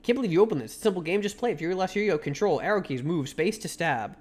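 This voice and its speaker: A man's voice: sits high, expressive, fast talker, darkish tone. A man streaming a game, chatting casually and irreverently with his chat. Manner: irreverent, joking, stops to thank chat. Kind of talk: casual live-stream commentary while reading a game aloud. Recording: faint music behind the voice.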